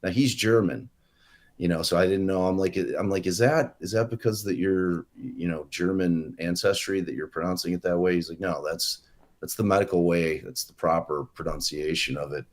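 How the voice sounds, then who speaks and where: A man's voice: low-pitched, fairly even intonation, normal speed. A man who works as a lawyer, co-hosting a casual podcast and telling a meandering anecdote full of fillers and restarts. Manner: rambling storyteller, swears freely.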